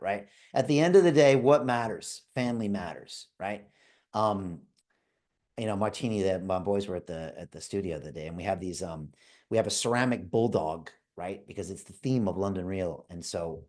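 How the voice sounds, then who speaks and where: A middle-aged man hosting a live online call, making an urgent, repetitive sales pitch and checking in with "okay?" and "right?". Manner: urgent, repetitive tag questions. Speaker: livestream host selling a crypto course.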